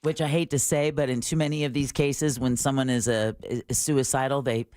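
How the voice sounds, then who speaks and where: Radio co-host guy, middle pitch, quick little comments, dry close mic. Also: steady tone, darkish tone, clear, resonant tone, no echo. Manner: quick reactions and short interjections. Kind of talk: casual talk-radio banter.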